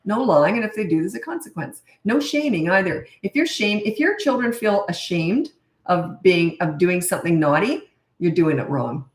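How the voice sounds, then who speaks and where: A woman's voice: medium pitch, very animated, normal speed, far from the mic. A middle-aged woman, a parenting coach, answering viewer questions in a live Q&A. She talks bluntly and frankly, chatty, with frequent restarts. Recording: echoey room, voice off-mic.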